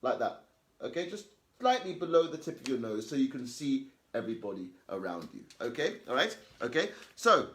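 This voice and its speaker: Bright-voiced guy teaching kids to read out loud, very up and down, keeps saying okay. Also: medium pitch, sing-song. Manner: emphatic, repeats okay and all right constantly; reads example sentences slowly and deliberately. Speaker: teacher giving reading tips. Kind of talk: lesson to children on reading aloud.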